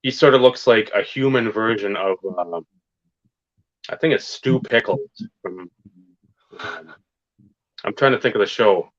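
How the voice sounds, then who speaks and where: A low-voiced man talks loosely on a podcast, swearing freely and hammering his points home. The recording is dull and lo-fi. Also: a little slow, long pauses, no echo. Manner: profane, rambling, emphatic wrestling fan talk. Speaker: podcast co-host. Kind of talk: casual podcast chat. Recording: dull lo-fi sound.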